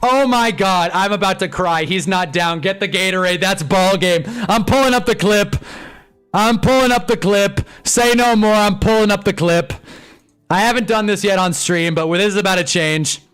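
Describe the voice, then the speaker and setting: A young man hosting a live stream, commenting on a football game as he watches, swinging from glum muttering to excited shouting. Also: high-pitched, normal speed, clear, resonant tone, soft background music.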